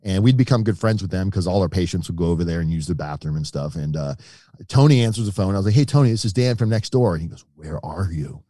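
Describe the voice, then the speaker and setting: A middle-aged podcast guest tells his own story in an interview, animatedly voicing the people he quotes. He has a deep voice and a quick pace. The recording is dry and studio quality.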